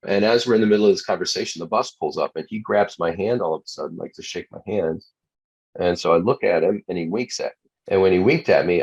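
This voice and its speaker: A man's voice: sits low, a little mellow, breathy edge. A man telling a personal story as a talk show guest, earnest, often restarting his phrases. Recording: dull lo-fi sound.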